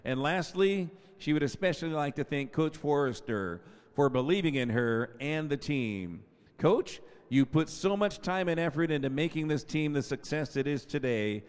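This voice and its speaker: Announcing senior night in a school gym, a man in his fifties lingers over the players' names and chats between them. He speaks at normal speed with a voice on the high side, lively in intonation, clear and resonant, with the echoey sound of a gymnasium PA microphone.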